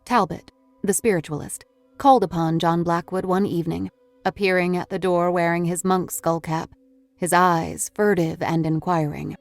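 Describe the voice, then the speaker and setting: Low-voiced woman narrating a horror audiobook. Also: steady tone, normal speed, gravelly, no room sound, faint music behind.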